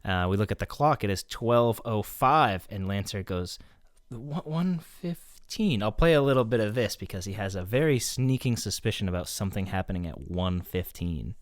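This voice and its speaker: A man's voice: lowish voice, animated, a little fast, few pauses, dry recording, clean studio sound. A male podcast host recapping an episode in casual chat, swearing, laughing often and acting out the characters' lines.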